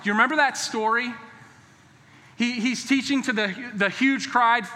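High, bright-voiced preaching man. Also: moderate pace. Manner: emphatic preaching that drops to a hushed, earnest close. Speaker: pastor. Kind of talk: sermon. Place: church sanctuary. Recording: long hall reverb.

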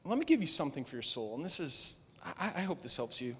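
Man preaching, high bright voice, loud then hushed, long hall reverb. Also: very animated, fast, breathy edge. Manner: swings from loud emphatic lines to low quiet asides. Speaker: pastor. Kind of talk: sermon. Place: large room with a congregation.

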